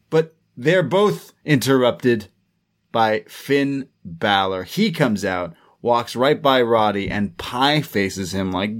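A man co-hosting a casual podcast, telling the story of a show with animated energy. His voice sits at an ordinary middle pitch, and he often drops into little impressions of the people he describes. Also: slow pace. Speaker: podcast co-host. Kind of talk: casual recap chat.

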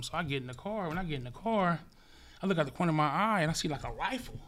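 A man from Los Angeles talks as an interview guest, his voice sitting a little high for a man. He tells his story in a loose, profane way and acts out the action with punchy sound effects. A faint hiss of noise sits under his voice. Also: racing. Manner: animated, profane storyteller acting out events with sound effects like "boom". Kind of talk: casual storytelling in conversation.

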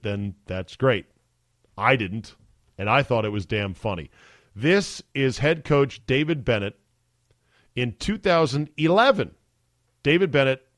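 A man's voice: mid-range voice, no room sound. Chatty male podcast host, dry sound. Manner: chatty, easily amused, filler-heavy. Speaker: sports radio podcast host. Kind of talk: casual podcast chat.

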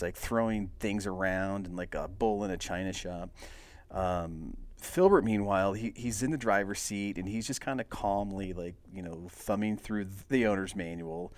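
Deep-voiced man rambling through a movie recap. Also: no echo. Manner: relaxed, rambling, many filler words. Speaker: podcast host.

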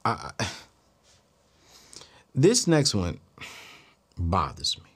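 A man's voice: very slow, breathy edge. A man hosting a talk show, telling stories casually and acting out the dialogue, with exclamations that leap up in disbelief and a preachy turn toward faith. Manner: animated, acts out dialogue, jumps to high incredulous exclamations. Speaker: show host. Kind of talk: casual storytelling to the camera.

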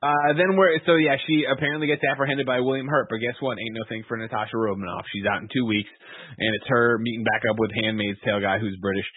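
A man's voice: mid-range voice, fairly even intonation, fast, breathy edge, no echo. A man co-hosting a podcast, casually recapping a movie scene by scene, rambling with filler words. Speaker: podcast co-host. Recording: phone-like narrow audio.

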